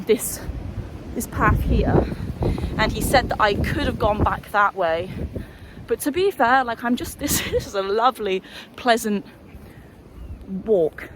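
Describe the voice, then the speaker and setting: Chatty woman hiking in wind. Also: mid-range voice. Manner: chatty, sweary, self-deprecating. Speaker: hiking vlogger. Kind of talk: casual vlog chat while walking. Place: windy hillside outdoors. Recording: windy outdoor noise.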